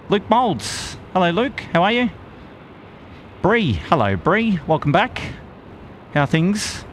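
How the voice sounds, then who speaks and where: Upbeat Aussie bloke hosting a stream. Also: male voice, mid-range voice, a little hiss or hum. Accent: Australian. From Australia. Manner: upbeat, friendly, lots of "g'day, mate". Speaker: live stream host. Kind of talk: live stream chat shout-outs. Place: outdoors at an airport plane spotting spot.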